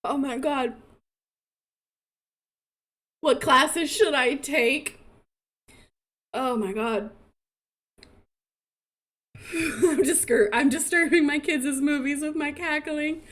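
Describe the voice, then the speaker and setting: A woman's voice: high voice, slow pace, pauses often, a bit bright. A young woman streaming a life-sim game, chatting casually and breaking into laughing fits while she reacts to chat. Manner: giggly, laughing fits, reads chat aloud.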